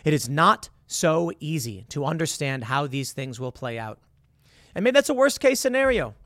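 A man's voice: fairly high pitch, very animated, normal speed, a bit bright, no room sound. A man talking the listener through a hypothetical scenario, earnest and full of rhetorical questions. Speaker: commentator. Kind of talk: casual monologue with hypotheticals.

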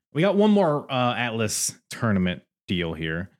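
A man's voice: on the low side, wildly swooping pitch, a little slow. A man hosting a podcast, chatting casually and enthusiastically as he reviews old wrestling matches, often laughing. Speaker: podcast host.

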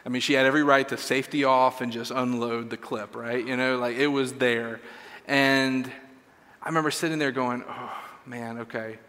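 Man, bright tone, casual self-deprecating sermon story, church hall reverb. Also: mid-range voice, steady tone, normal speed.

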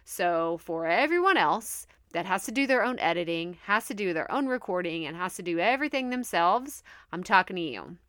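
A woman's voice: on the low side, animated, moderate pace, hardly any pauses, fairly bright tone, no room sound, clean studio sound. A woman with a Texan accent hosting a podcast, talking in a chatty, upbeat way with frequent laughs and lots of "like". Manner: chatty, upbeat, laughs often, says "like" a lot. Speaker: podcast host. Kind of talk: casual podcast monologue.

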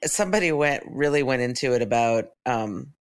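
A woman co-hosting a podcast in casual chat, with a dry, deadpan humor. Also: a bass voice, moderate pace, smooth. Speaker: podcast co-host.

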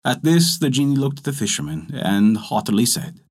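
A man narrating a folk tale with an expressive storytelling cadence. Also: medium pitch, moderate pace, few pauses, breathy edge.

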